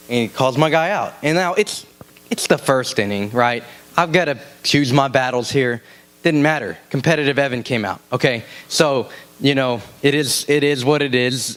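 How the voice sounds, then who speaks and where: A young man with a drawl gives a casual youth sermon in a church room. He tells stories in a loose, chatty way and jumps up high in pitch when he acts out shouted lines. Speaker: youth pastor.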